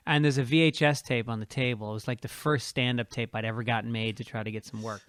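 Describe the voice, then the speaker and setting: A man, a podcast host and stand-up comedian, telling a story in casual chat with quick asides. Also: mid-range voice, steady tone, fairly bright tone, dry recording, clean studio sound.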